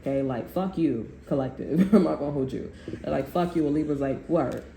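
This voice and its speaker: A tarot reader with a gravelly, mellow, medium-pitched voice gives viewers a laid-back reading a little on the fast side, with soft music playing behind. Slang and profanity pepper the rambling talk, which often starts over mid-sentence. Faint noise sits in the echoey room.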